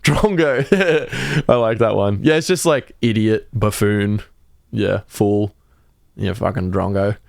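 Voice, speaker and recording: A man's voice: lowish voice, steady tone, a little slow, creaky, a little mellow, no room sound. A young Australian man with an Australian accent, co-hosting a podcast in casual chat and explaining slang with easy laughs. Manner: laid-back, laughs often, explains slang. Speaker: podcast co-host.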